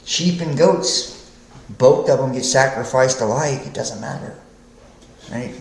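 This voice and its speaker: Male podcast host, slow, preachy, profane rambler, roomy echo on the mic. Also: mid-range voice, creaky, a little hiss or hum. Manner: rambling, profane, keeps asking "right?". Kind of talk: preachy livestream monologue.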